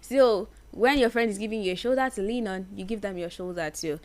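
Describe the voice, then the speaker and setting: A woman's voice: medium pitch, brisk, a little mellow. Earnest woman giving emphatic advice. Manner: earnest, emphatic, repeats phrases for stress. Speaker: podcast host. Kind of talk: solo advice podcast monologue.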